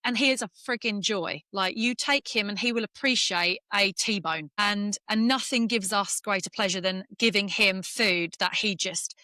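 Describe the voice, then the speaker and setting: A middle-aged English woman, a former golfer, talking candidly in an interview and speaking in quick, emotional bursts with restarts. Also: mid-range voice, pushed and bright, no room sound, clean studio sound. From England. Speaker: former professional golfer, guest.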